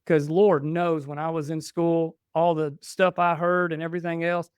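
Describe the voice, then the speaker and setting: A man's voice: fairly high pitch, flat delivery, normal speed, clear, resonant tone, no echo, studio quality. A man in his forties, a podcast guest, telling family stories casually and acting out what was said back and forth. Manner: chatty, restarts and quotes himself. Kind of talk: casual storytelling.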